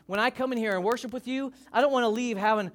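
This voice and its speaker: A man with a high voice preaching to a church congregation. He delivers an impassioned sermon, rising to loud calls and then dropping to hushed, almost whispered lines. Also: fast talker. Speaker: pastor. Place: church service before a congregation.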